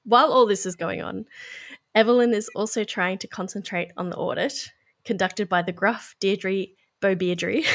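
Woman podcast host, mid pitch, smooth prepared plot recap. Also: normal speed. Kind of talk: film recap then interview.

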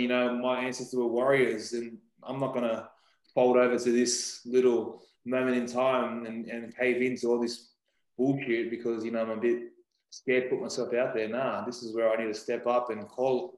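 A man speaking as a podcast guest, earnest and emotional, often saying "you know". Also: mid-range voice. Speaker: podcast guest, breath-work facilitator. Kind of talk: heartfelt conversational sharing. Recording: roomy echo.

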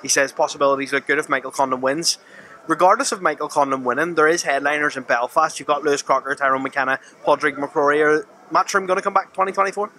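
A man's voice: on the high side, fast, bright, forceful tone, a little hiss or hum. A man interviewing a guest in an upbeat, joking way. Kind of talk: casual sports interview.

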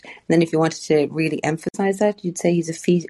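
An Irish woman, an author guest, chatting in an animated storytelling way in an interview. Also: sits low, fast, few pauses. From Ireland. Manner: animated storyteller, frequent restarts. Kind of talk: casual interview chat.

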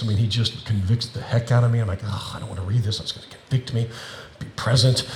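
A middle-aged man preaching a sermon at a middle pitch, his voice filling an echoey room. He talks in an animated way and builds to emphatic, repeated phrases. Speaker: pastor.

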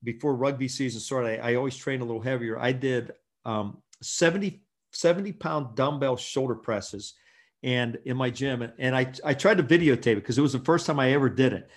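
Animated middle-aged male chiropractor. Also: mid-range voice, a little fast. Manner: animated storyteller, laughs often. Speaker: chiropractor guest. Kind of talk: casual interview conversation.

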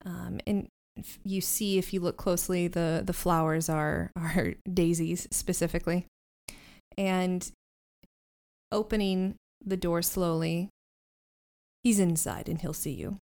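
Game master, woman, smooth clear voice, descriptive narration with frequent laughs. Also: on the low side, fairly even intonation, a little slow, a little mellow.

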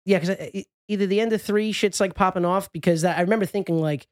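A man's voice: high-pitched, fast talker, darkish tone, no room sound, clean studio sound. A young man hosting a podcast in loose, rambling casual chat. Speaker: podcast host.

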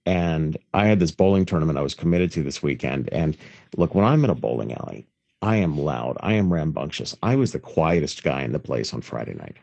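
A man with a very low, hoarse voice, worn down by illness, rambles through a crude story in casual podcast banter. He speaks over a phone line with a dry, close sound and no room echo. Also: lively intonation, a little fast, darkish tone. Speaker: podcast co-host. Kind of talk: casual chat. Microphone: phone call.

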